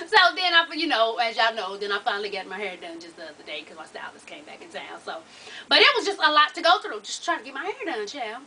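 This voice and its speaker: Young woman vlogger, bright high voice, lively and profane storyteller, a bit away from the mic. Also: brisk. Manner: animated, profane, laughs through her stories. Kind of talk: casual storytelling vlog. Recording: voice from a distance off the mic.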